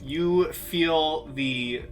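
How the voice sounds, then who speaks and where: A man running a tabletop game as game master, narrating monster moves and rolls in a measured, pausing way. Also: fairly high pitch, a crowd in the background.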